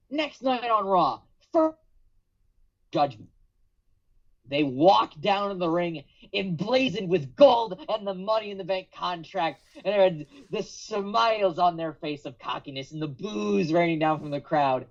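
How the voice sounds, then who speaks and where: On a podcast with dull lo-fi sound, a male guest with a high-sitting, animated voice talks a little slowly through a long story. He delivers it dramatically, performs others' lines, and swears here and there.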